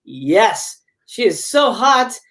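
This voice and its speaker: A woman's voice: medium pitch, sing-song, extremely slow, fairly bright tone. A woman guest in a casual livestream film chat, blunt and enthusiastic, swearing freely. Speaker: guest co-host.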